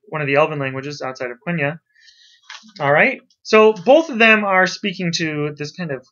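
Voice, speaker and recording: A man teaching a class, talking to students in a lively, emphatic way. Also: fairly high pitch. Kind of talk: classroom lecture. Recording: dull lo-fi recording.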